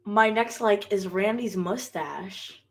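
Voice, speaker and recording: A woman in casual chat about a TV episode, chatty and quick to laugh. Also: mid-range voice.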